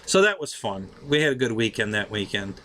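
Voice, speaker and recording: A man's voice: fairly low pitch, big pitch swings, fairly quick, bright, forceful tone, a little hiss or hum. A middle-aged man telling a story casually, laughing often, swearing freely, and acting out what people said. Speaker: show host telling a story.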